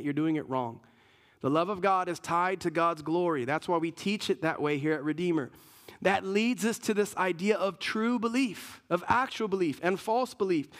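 A male pastor preaching a sermon in an earnest, emphatic way, often repeating words and restarting his sentences. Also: sits high.

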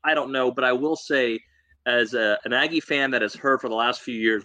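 A young adult man co-hosting a casual sports chat, joking and animated, teasing rival fans. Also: mid-range voice, moderate pace. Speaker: co-host.

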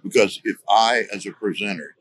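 Deep-voiced man explaining patiently. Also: a bit bright, slight background noise. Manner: deliberate, explains with examples and repeats key words. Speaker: guest, safety trainer. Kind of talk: conversational podcast interview.

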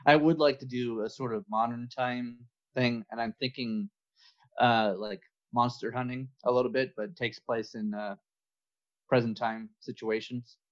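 A male guest on a casual podcast, pausing often and filling gaps with ums and uhs. His voice is mid-pitched, and the audio sounds muffled and lo-fi. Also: fairly even intonation. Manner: hesitant, lots of fillers. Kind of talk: casual interview.

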